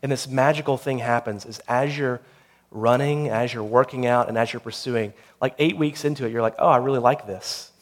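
A man, the pastor, delivering a sermon that builds to intense storytelling and closes in a quiet prayer. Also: mid-range voice, fairly even intonation, a little fast.

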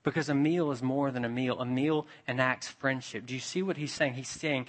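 A man's voice: medium pitch, steady tone, brisk, hardly any pauses. A man preaching a sermon, telling a story and asking his listeners rhetorical questions. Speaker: pastor.

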